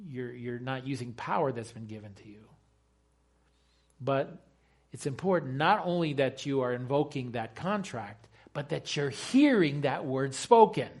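A man's voice: mid-range voice, lively intonation, a little slow, a little mellow. A man preaching a sermon in an emphatic way, using rhetorical questions and repeating key phrases.

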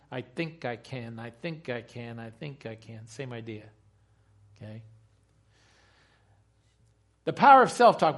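A man preaching a sermon in an emphatic way, using rhetorical questions and repeating key phrases. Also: a little high.

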